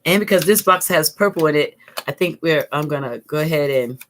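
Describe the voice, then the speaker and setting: A woman giving a casual crafting tutorial, chatty and calm, thinking aloud while she works. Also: deep voice, brisk, a little hiss or hum. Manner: calm, soothing. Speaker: craft vlogger.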